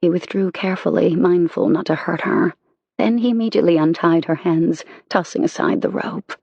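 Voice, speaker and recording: Husky, gravelly audiobook narrator. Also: medium pitch, no room sound, muffled recording. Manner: intimate, measured reading. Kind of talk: scripted romance narration.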